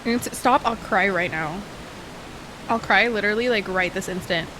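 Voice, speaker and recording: A woman's voice: mid-range voice, normal speed, background noise. A young woman streaming a game, chatting casually with viewers and ranting bluntly with lots of swearing. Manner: chats with viewers while playing.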